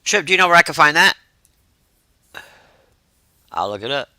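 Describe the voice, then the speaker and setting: A woman's voice: low voice, very animated, normal speed, bright, forceful tone, no room sound. A woman hosting a livestream, chatting loosely and reacting to messages from her chat. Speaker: livestream host.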